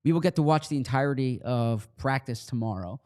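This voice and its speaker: A man's voice: mid-range voice, lively intonation, fairly quick, dark tone. A man with a slight Philadelphia accent co-hosting a sports podcast, talking casually and explaining things with frequent restarts. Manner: conversational, explains with repeats and restarts. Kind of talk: casual chat.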